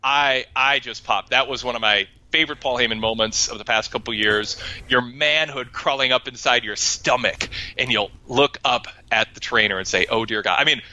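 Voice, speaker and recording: A man's voice: medium pitch, normal speed, few pauses, sharp tone, no echo. A man co-hosting a wrestling talk show, speaking casually and animatedly, quoting lines with relish.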